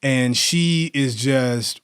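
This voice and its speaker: A man chatting casually as a podcast co-host. He talks in an animated, rambling way and keeps restarting his sentences. His voice sits at an ordinary middle pitch. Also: extremely slow, smooth. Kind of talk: casual chat.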